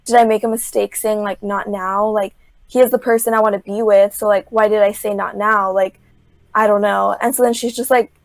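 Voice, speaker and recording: A woman's voice: medium pitch, a little fast, no echo. A young woman casually retelling a reality show on a podcast, packing her talk with "like" and acting out what people said. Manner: filler-heavy, says "like" constantly; animated storytelling, acts out quotes. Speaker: podcast guest.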